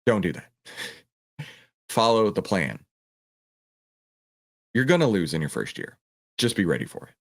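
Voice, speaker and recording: A man's voice: on the low side, measured pace, vocal fry, pauses often. A man hosting a livestream Q&A, talking with passion and acting out voices of other people. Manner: passionate, animated, mimics a panicking trader. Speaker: host answering viewer questions. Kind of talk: livestream Q&A on stock trading.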